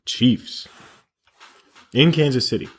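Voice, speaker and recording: A man co-hosting a sports podcast, easygoing and quick with short reactions. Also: mid-range voice, breathy edge. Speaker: podcast co-host. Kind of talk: casual sports chat.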